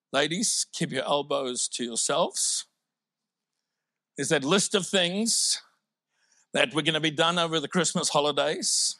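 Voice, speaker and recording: A man's voice: on the high side, fairly bright tone, no echo, clean studio sound. A man from South Africa with a South African accent, preaching a sermon in a conversational, humorous way. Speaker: pastor.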